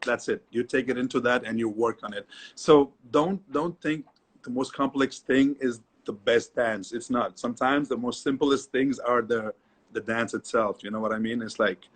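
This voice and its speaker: A middle-aged man, a dance teacher, talking as an interview guest, lively and repetitive, often adding "you know". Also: medium pitch, normal speed, breathy edge. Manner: animated storyteller, repeats himself, many "you know"s. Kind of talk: casual interview chat.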